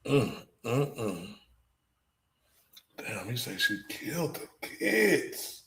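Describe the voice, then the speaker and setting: A man's voice: medium pitch, very animated, drawn-out words, a bit bright, rough recording. A man with a Texan accent, a live-stream commentator reading a transcript aloud with emotional reactions. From Dallas, Texas. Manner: emotional, exclaiming in disbelief.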